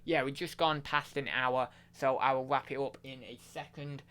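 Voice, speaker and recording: A man's voice: medium pitch, steady tone, moderate pace, bright, forceful tone, clean tone. A man chatting casually on a live stream, rambling with lots of fillers and restarts.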